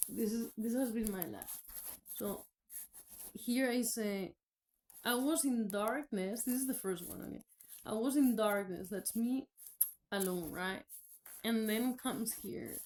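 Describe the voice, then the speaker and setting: A woman's voice: on the high side, darkish tone. A woman whose first language is Spanish gives a personal faith testimony in a candid, rambling way, full of fillers and restarts. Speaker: vlogger.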